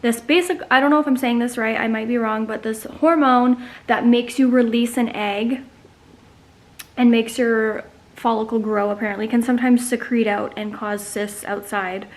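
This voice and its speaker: A young woman in her twenties telling a personal story to camera in a casual, chatty vlog, with many fillers. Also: a little high. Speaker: vlogger.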